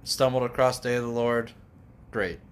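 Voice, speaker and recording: A man co-hosting a casual podcast, laid-back and joking, often halting mid-sentence. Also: mid-range voice, steady tone. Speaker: podcast co-host.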